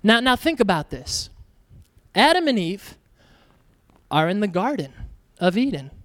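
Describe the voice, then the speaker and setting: A man preaching a sermon to a church, energetic and joking in a casual, conversational way. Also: high-pitched, unhurried, in a large hall. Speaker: pastor.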